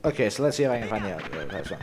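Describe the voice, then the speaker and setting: A man's voice: fairly low pitch, very animated, very fast, a crowd in the background. Man muttering through gameplay commentary. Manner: mumbling to himself, joking. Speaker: let's play host.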